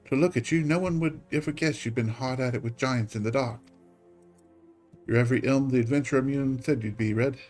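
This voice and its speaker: A man voicing a hearty old guild official in a fantasy game, fatherly and jovial, with a folksy, gently chiding manner. His voice sits at a middling pitch, and faint music plays behind him. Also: fairly quick, lightly acted.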